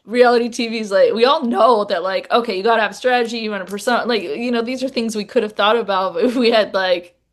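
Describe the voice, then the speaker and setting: A woman's voice: on the high side, fast, few pauses. A woman co-hosting a podcast, chatting casually and backing up her friend with short replies. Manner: supportive, chimes in with short replies. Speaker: podcast co-host. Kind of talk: casual chat.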